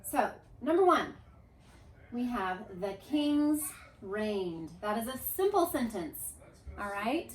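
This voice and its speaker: Speaking unhurriedly and leaving long pauses, a woman with a slightly high voice takes her class through grammar review, coaxing out answers and leading them in chants. Her manner is lively, and the classroom, which has a board, echoes.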